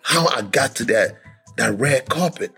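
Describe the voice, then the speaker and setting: A man on a podcast telling a hard personal story with lots of emotion, acting out other people's voices in loud high bursts. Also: measured pace, vocal fry, breathy edge, faint music behind. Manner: animated, acts out voices and shouts in high bursts. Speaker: podcast guest sharing his story.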